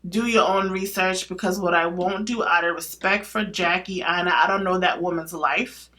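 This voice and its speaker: Woman, bright forceful voice, casual opinion vlog, blunt, emphatic, rhetorical questions. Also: on the low side. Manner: emphatic, asks herself rhetorical questions and answers them; blunt and animated, with casual slang. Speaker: beauty vlogger.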